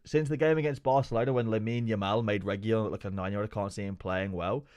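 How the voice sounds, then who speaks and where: A man's voice: lowish voice, steady tone, fast, a little mellow, clear, resonant tone, muffled recording. A young man streaming live, chatting casually with his viewers and joking with plenty of swearing. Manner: profane, joking banter with chat. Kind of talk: casual livestream chat.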